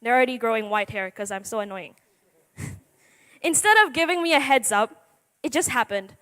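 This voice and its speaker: Speaking at normal speed in a somewhat high, slightly bright voice, a teenage girl of seventeen gives a youth sermon. Her nerves show as she giggles, jokes, and pokes fun at herself, all echoing in the church sanctuary.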